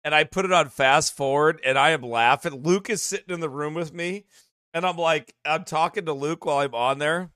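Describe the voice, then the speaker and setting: A man's voice: a little high, moderate pace, bright, forceful tone, no echo, studio quality. A man, a pastor, chatting casually on a livestream, laughing often and in a goofy mood, his voice slightly strained.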